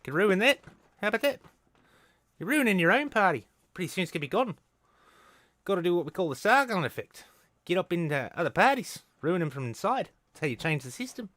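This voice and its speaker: A cocky male New Zealand nationalist with a put-on Kiwi accent , as a man puts him on, barking loud, high, mocking bluster. The voice swoops all over and sits close and dry. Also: very animated, a little fast, no echo.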